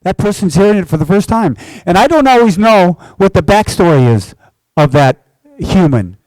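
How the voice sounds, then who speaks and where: An older man, a race announcer, tells stories to an audience at an indoor club event, animatedly acting out both sides of the dialogue. His voice is high with a moderate pace and no echo, though the audio quality is poor.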